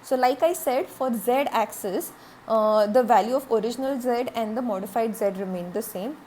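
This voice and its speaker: Woman lecturing, higher voice, lots of okay and uh, faint hiss behind. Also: moderate pace, warm tone. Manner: explanatory, repeats points, frequent "okay" and "uh". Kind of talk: recorded classroom lecture.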